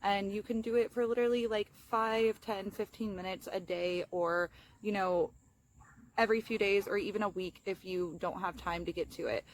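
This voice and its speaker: A woman's voice: mid-range voice, steady tone, moderate pace, slight background noise. A young woman with a lisp, chatting casually and apologetically outdoors in a self-help vlog, with lots of fillers. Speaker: vlogger.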